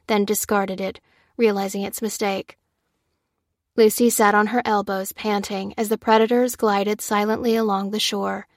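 Woman narrator, audiobook reading, measured pace, dry recording. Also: mid-range voice, no room sound. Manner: steady, measured storytelling.

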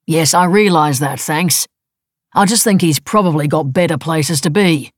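A woman's voice: low-pitched, moderate pace, dry recording, clean studio sound. A woman doing a curt, evasive older husband. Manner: clipped, curt replies.

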